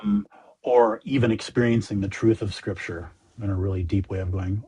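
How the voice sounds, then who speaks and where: A man from the United States, a Zen teacher talking as a guest in a gentle, earnest, reflective way. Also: lowish voice, moderate pace, slightly rough. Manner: earnest, gentle, animated, often voicing inner thoughts. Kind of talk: reflective conversation.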